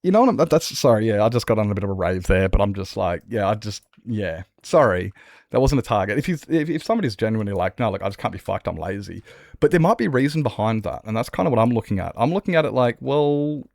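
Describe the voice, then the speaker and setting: A man's voice: lowish voice, lively intonation, fast talker, darkish tone, no room sound, studio quality. A man streaming a game, chatting casually in a rambling way, answering chat with many restarts. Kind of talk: casual chat while gaming.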